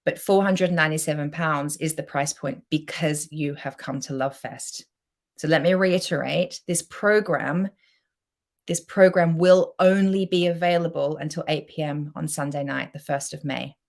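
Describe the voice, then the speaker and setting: A woman coach giving a chatty, effusive live-streamed pitch for her course and reading out viewer comments. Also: moderate pace. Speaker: self-love coach.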